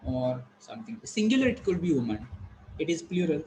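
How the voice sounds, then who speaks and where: Male teacher, classroom pronunciation lesson, slightly high pitch, patient, repeats words, asks questions, faint background hiss. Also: big pitch swings, brisk, darkish tone, poor audio. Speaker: English teacher.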